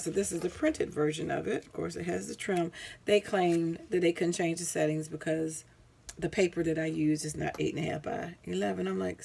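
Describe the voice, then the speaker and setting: A woman with a low, gravelly voice rambles through a casual craft show-and-tell, often stopping to correct herself. She sounds tired, and a faint hiss sits under the home recording. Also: fairly even intonation, moderate pace, darkish tone. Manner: rambling, self-correcting, many ums. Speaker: craft vlogger.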